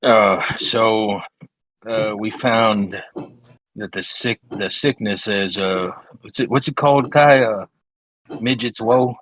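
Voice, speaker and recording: A man's voice: lowish voice, slow pace, a bit bright, poor audio. A man playing a tabletop game, describing his character's moves and joking with the group. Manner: joking, laughs often. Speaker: player. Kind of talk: casual tabletop play.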